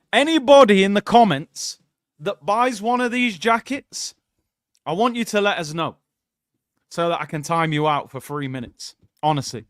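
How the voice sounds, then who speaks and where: A young man hosting a live football watchalong, ranting sarcastically about his club and at times breaking into loud excited shouting. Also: high-pitched, no echo, clean studio sound. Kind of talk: casual live-stream rant.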